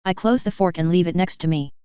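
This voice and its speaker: A woman reading fan fiction aloud as narrator in an even, steady manner, in a dull lo-fi recording. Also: fairly low pitch, quick pace, smooth, dry recording.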